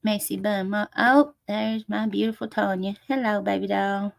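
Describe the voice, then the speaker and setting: This livestream host casually reads comments aloud, calls viewers affectionate names, and breaks into swearing rants. Her medium-pitched voice has vocal fry and fairly even intonation at a normal speed. The studio-quality sound has no room sound.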